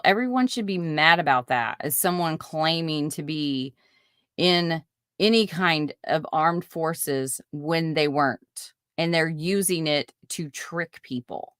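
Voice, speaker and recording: A woman's voice: low voice, slow, a bit bright, smooth, no room sound, clean studio sound. A woman hosting a casual live stream, reading viewer comments aloud and reacting with outrage and apologies. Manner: chatty, reads viewer comments aloud, indignant. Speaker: podcast host.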